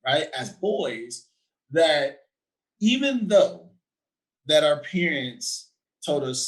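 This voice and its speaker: A man in his thirties talking in an animated, chatty way, laughing and checking in often with his listener. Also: fairly high pitch, very slow, long pauses, poor audio. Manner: animated, laughing, frequent "right?" tags. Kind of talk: casual conversation.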